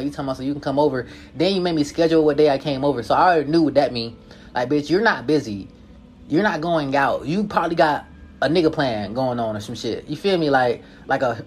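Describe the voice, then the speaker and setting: A young man telling a casual story in a profane, slangy, animated way, full of filler tags. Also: on the high side.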